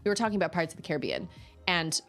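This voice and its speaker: Animated woman streamer telling a story. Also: fairly low pitch, rapid-fire, faint music behind. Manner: animated, acts out other people's voices in quotes; chatty, rambling, with many restarts. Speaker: gaming streamer. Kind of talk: casual storytelling while streaming a game.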